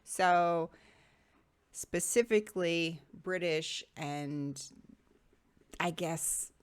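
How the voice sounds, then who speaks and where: A woman vlogger talking to her viewers in a casual, reflective monologue, thinking aloud and pausing often on "um". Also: fairly low pitch, clean tone.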